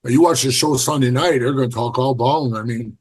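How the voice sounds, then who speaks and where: Talking fast in a mid-range voice, a middle-aged man who used to belong to a biker club guests on a podcast. He shares blunt, profane anecdotes in a casual storytelling interview, voicing the people he quotes.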